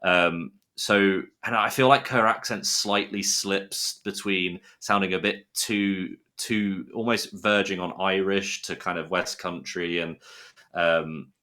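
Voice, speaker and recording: A man's voice: sits low, steady tone, slow, pushed and bright. A man from the UK chatting enthusiastically as a podcast guest. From United Kingdom. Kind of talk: casual chat.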